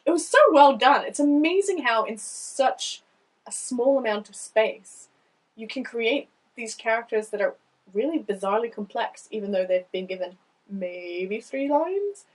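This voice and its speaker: A woman panellist on a podcast, discussing a children's book in a lively, animated way. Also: fairly high pitch, unhurried, recorded from a distance, poor audio.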